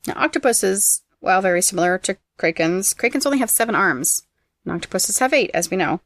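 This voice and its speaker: A woman hosting a podcast who reads out trivia facts in a brisk, teasing way and laughs often. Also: medium pitch, expressive, a bit bright, no echo. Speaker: podcast host presenting trivia. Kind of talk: casual trivia chat, reading facts.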